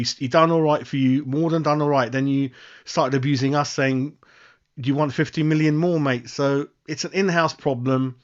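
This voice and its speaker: A man hosting a football fan live stream, chatting with viewers and often calling them "mate". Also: mid-range voice. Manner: chatty, addresses viewers directly, frequent "mate". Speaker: football fan channel host. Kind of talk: casual live-stream chat. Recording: muffled lo-fi audio.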